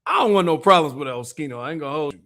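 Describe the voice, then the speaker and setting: A man's voice: fairly high pitch, animated, rapid-fire, fairly bright tone. A man hosting a stream, giving laid-back, amused streetwise commentary. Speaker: livestream host. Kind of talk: casual commentary chat.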